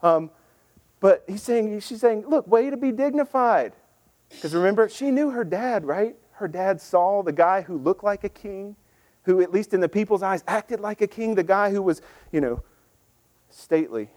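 A man preaching a sermon in a lively, conversational way, acting out the people in the scripture story in voices. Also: high voice, normal speed. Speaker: pastor.

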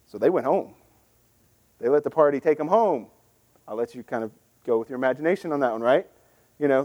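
High-voiced man preaching. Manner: animated, acts out the people in the story in voices. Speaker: pastor. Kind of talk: sermon.

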